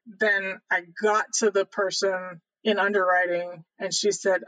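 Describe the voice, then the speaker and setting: A man with a high, bright voice shares a personal story of faith as a podcast guest. He speaks earnestly and with animation, and his voice sits close and dry with no room sound. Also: flat delivery, moderate pace, few pauses, no room sound, low-quality recording.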